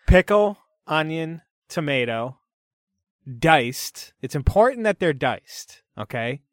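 A man's voice: a little high, lively intonation, slow, no room sound. Chatty man with a dry close sound. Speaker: podcast co-host. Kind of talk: casual chat.

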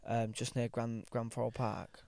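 A man's voice: medium pitch, flat delivery, moderate pace, creaky, a little mellow, no echo, clean studio sound. A young man chatting casually as a podcast guest, rambling with lots of ums, restarts and easy laughs, swearing now and then. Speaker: guest actor. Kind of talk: casual chat.

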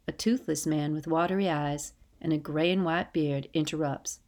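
Woman narrator, gentle storybook reading, hushed in places, lowish voice. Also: steady tone, normal speed, hardly any pauses. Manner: gentle, dialect-inflected storytelling with quiet hushed passages. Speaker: audiobook narrator. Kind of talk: scripted storybook narration in first person.

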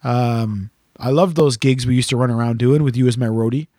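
A man's voice: medium pitch, brisk, dark tone, no echo, clean studio sound. A man hosting a casual chat, telling a teasing, swear-filled story about a gig he sang at. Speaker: podcast host and gigging singer.

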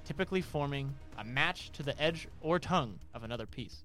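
A young man hosting a casual podcast game, animated and quick to laugh. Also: medium pitch, faint music behind. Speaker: host.

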